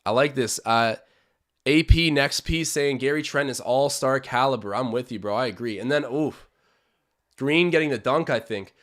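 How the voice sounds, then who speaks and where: A young Canadian man hosts a live basketball watch-along, calling plays and chatting with viewers in excited commentary. He's animated, swinging from hype to groans, in a mid-range voice at a moderate pace.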